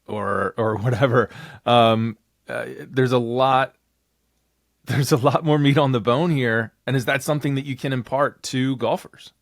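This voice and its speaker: A man's voice: medium pitch, measured pace, gravelly, no echo, clean studio sound. A man hosting a podcast, asking searching questions and rephrasing them as he goes. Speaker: podcast host. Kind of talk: interview questions.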